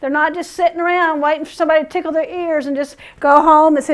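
A woman preacher giving a sermon, telling stories in an animated way and chuckling often. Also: high voice, fairly quick, hardly any pauses.

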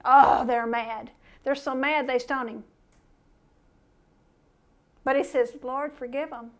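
High-voiced woman preaching a sermon. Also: steady tone, slow pace. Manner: conversational, asks the listeners questions. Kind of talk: sermon with scripture reading.

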